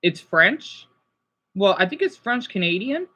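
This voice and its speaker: Rambling excitable young man chatting. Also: high-pitched, measured pace, highs cut off. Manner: rambling, excitable, many restarts and exclamations. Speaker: YouTuber. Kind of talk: casual livestream chat answering viewers.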